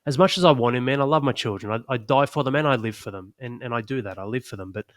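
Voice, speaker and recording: A man's voice: medium pitch, fast talker, no room sound, clean studio sound. A man co-hosting a podcast, speaking earnestly and reflectively in casual chat. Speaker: podcast co-host.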